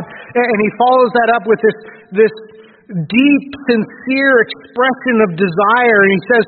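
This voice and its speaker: A man preaching a sermon as pastor, earnest, with frequent restarts and pauses. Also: very high-pitched, a little hiss or hum. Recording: phone-like radio broadcast with long reverb.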